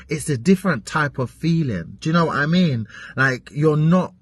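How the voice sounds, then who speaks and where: A woman's voice: low voice, fairly quick, slightly rough. A British woman giving an exasperated, chatty vlog rant and swearing freely. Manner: animated, exasperated ranting with frequent swearing. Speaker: vlogger.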